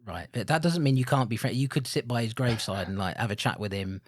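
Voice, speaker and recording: A British man co-hosting a film podcast, chatting casually, animated and jokey, laughing often. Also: mid-range voice, fast talker, dry recording, studio quality. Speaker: podcast co-host.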